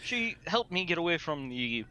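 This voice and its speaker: Bright-voiced man playing at a tabletop game. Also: fairly high pitch, very animated, normal speed, a little hiss or hum. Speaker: player. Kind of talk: in-character tabletop play.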